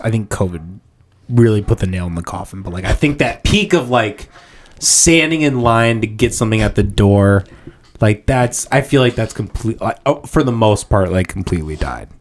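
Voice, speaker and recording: A man's voice: fairly low pitch, animated, moderate pace. A man hosting a podcast in casual studio chat, rambling loosely with lots of fillers and crude jokes. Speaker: podcast host.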